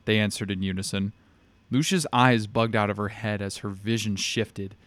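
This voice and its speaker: A man reading a dark fantasy story aloud in a steady, measured way. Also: on the low side, no room sound. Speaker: narrator.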